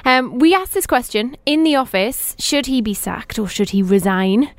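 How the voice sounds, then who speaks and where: A woman presenting a radio phone-in, chatting briskly with callers and her co-host. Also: a little high, animated, no room sound, clean studio sound.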